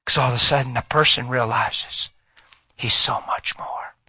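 A middle-aged male pastor preaching with dramatic shifts, loud and rapid one moment, whispering the next. His voice sits a little high and sounds bright, with a husky edge. The sound is close and dry. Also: dry recording. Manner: dramatic swings from loud and fast to hushed whispers. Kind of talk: sermon with storytelling. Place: church hall with audience.

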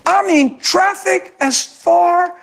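A man pastor telling a story in a sermon, acting out each person's lines with lively dialogue. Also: extremely high pitch, slow pace, gravelly. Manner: animated, acts out quoted dialogue.

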